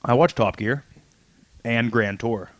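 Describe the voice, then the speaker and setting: A man's voice: medium pitch, slow pace, a bit bright, dry recording. A man co-hosting a casual comics podcast, retelling a story in a loose, rambling way and acting out the lines in his own voice. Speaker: podcast co-host. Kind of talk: casual chat about comics.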